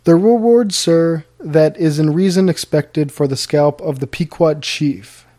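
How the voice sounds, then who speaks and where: A man's voice: on the high side, a little slow, dark tone, lightly acted. A man reading Digby, a hesitant servant. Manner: polite, hesitant, with old-fashioned speech. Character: deferential colonial manservant, awkward and hesitant. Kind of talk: audiobook character reading.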